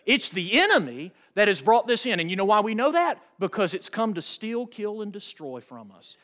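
A man with a high, bright-edged voice preaching a sermon. He builds his points with dramatic pauses, then pushes up in pitch and volume for emphasis. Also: very animated. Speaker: pastor.

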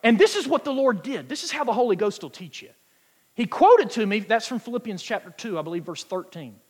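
A man preaching a sermon, emphatic and quoting scripture, stretching key words out slowly for weight. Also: sits high, sing-song. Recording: long hall reverb.

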